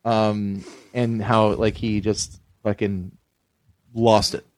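A man's voice: lowish voice, flat delivery, takes it slowly, dry recording. Rambling man, dry close mic. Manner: rambling, many fillers, acts out quoted voices. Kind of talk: casual storytelling chat.

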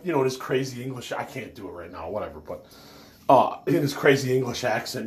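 A stoned man rambles through a story in a middle-pitched voice, loose and swearing, stacking filler words and losing his thread. He laughs at himself and apologizes as he goes, in a casual, unscripted vlog way. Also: fast talker. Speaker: autograph collector telling a story.

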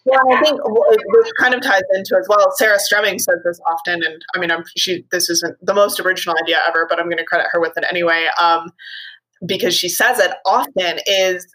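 A woman's voice: lowish voice, brisk, rough recording. Chatty woman dog trainer. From Montana, United States. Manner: chatty, relaxed, many fillers. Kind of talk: casual podcast conversation.

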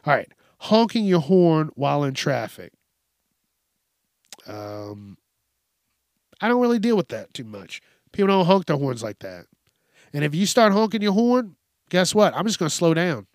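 A man on his podcast rants casually and profanely about everyday frustrations, sounding exasperated and mimicking people in high voices. His pitch swings widely, and he keeps a measured pace with long pauses. The recording is dry, with clean studio sound.

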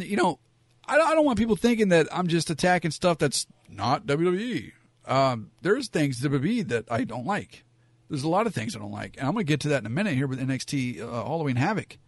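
A man with a fairly high voice, recorded without echo, offers blunt, meandering opinions in a laid-back monologue full of fillers and tangents. He's a wrestling commentator from Southern California.

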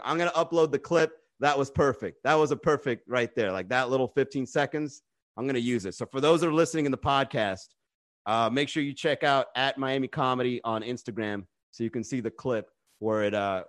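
A man's voice: medium pitch, a bit bright. A man who hosts a comedy livestream, rambling and teasing viewers in the chat with profane jokes, recorded on a phone. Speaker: stand-up comedian and livestream host. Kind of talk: casual livestream chat and roasting.

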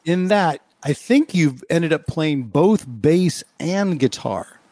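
A man hosting a casual interview, relaxed and joking. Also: fairly high pitch, takes it slowly, dry recording. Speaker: podcast host.

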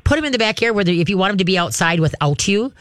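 Middle-aged male dog trainer, chatty and rambling, a touch high, dry. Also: expressive, racing, a bit bright, clean tone, dry recording. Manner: chatty, rambling, many "you know"s. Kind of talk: call-in advice.

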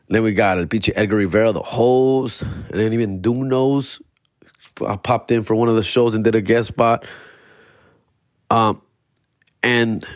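Slangy comedian telling stories. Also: male voice, lowish voice, dry recording, studio quality. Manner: slangy, animated, peppered with "fool" and "bro". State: hungover. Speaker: comedian podcast host. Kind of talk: casual storytelling monologue.

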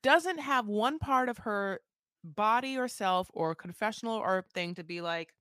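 A woman co-hosting a podcast in casual recap chat. She is gossipy and crude and acts out other people's lines in lively bursts. Her voice sits in a middle range and sounds dry and close. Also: mid-range voice, unhurried, clear, resonant tone, dry recording. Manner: animated, gossipy, crude joking, acts out quotes. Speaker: podcast co-host.

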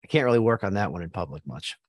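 A man's voice: low voice, lively intonation, quick pace, no echo. An American man hosting a casual sports chat, blunt and joking with plenty of swearing. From United States.

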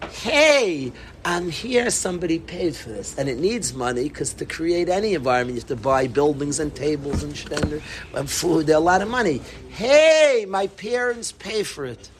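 Emphatic high-voiced rabbi. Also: male voice, fairly quick, a little hiss or hum. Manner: animated, repetitive, emphatic bursts. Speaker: yeshiva rabbi. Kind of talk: Torah talk to students.

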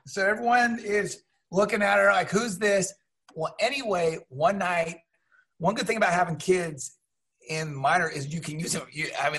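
Animated husky man telling stories. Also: fairly high pitch. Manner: animated, acts out voices in his stories. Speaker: guest, teacher and minor league mascot. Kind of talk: casual storytelling.

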